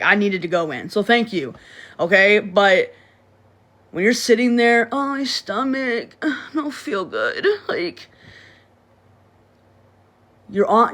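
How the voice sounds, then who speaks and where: Bright and forceful, her mid-range voice carries a casual phone livestream. The host rambles repetitively, frequently starts over, and speaks bluntly with plenty of swearing.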